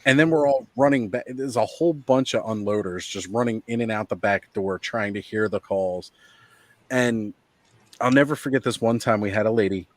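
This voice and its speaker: A man hosting a casual live stream, chatting and telling stories, animated when he quotes people. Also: lowish voice, normal speed, no room sound, rough recording. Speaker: livestream host.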